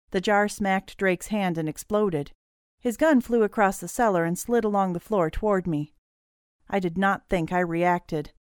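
A woman reading a first-person audiobook story in a steady, clear storytelling manner. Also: mid-range voice, dry recording, clean studio sound. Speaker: audiobook narrator.

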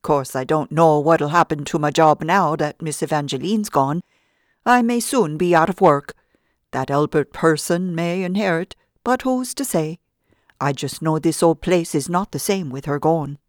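A woman's voice: sits low, normal speed, no echo, clean studio sound, lightly acted. A woman voicing a small, talkative male gardener with a lilting Irish brogue. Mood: chatty.

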